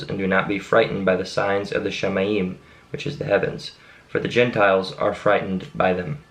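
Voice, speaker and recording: A man reading scripture aloud at a steady, measured pace, now and then stopping to explain a word. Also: lowish voice, poor audio. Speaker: Bible reader.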